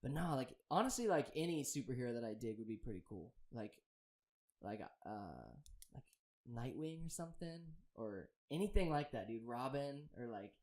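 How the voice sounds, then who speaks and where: A man's voice: mid-range voice, big pitch swings, normal speed, darkish tone. A man co-hosting a podcast, talking in a laid-back, slangy way with lots of fillers. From Florida. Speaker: podcast co-host. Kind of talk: casual chat.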